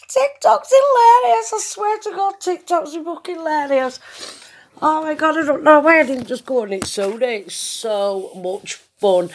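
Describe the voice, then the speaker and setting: A woman's voice: on the high side, a little hiss or hum. A woman chatting casually to camera, giggling often, swearing freely and rambling from one thing to the next.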